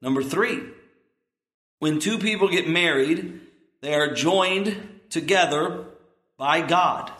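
A man's voice: a little high, takes it slowly, pauses often, fairly bright tone, reverberant. A man in his thirties, a pastor preaching a sermon in an earnest, emphatic way, with asides to the congregation.

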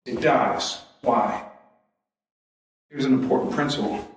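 A middle-aged male pastor with a mid-range voice preaches slowly in a church sanctuary, spinning folksy stories and chuckling at his own jokes. The recording is very echoey, captured from a distance, with the congregation responding in the background.

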